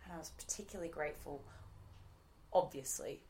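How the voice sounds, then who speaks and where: A woman in her thirties with an Australian accent chats casually as an actress guest in an interview. Her low, warm voice moves briskly, full of fillers and restarts, with slight background noise in the recording.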